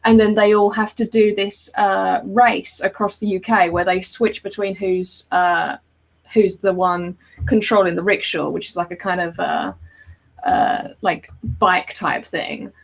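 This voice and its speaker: A woman's voice: medium pitch, steady tone, unhurried, vocal fry, rough recording. A woman chatting casually on a podcast, rambling with lots of ums. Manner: rambling, many ums and likes. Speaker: podcast co-host. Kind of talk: casual chat.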